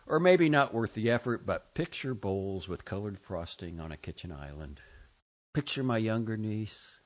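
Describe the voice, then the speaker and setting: A man reading a first-person story aloud, expressive and shifting between quiet and louder lines. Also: sits low, dull audio. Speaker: audiobook narrator. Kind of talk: scripted first-person narration.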